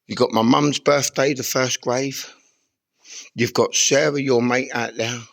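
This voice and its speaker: A man's voice: medium pitch, fairly even intonation, measured pace, vocal fry. A man giving an intense, rambling, confrontational monologue outdoors in a churchyard. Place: outdoor churchyard among graves.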